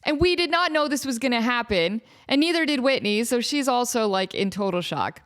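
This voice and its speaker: Chatty woman podcast host, slightly high. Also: brisk. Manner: chatty, animated, many fillers and restarts. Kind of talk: casual solo storytelling.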